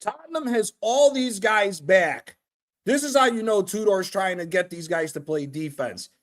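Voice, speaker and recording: A man streaming a live reaction to a football match, excitable and profane, trash-talking the players. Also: high voice, normal speed. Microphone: streaming mic.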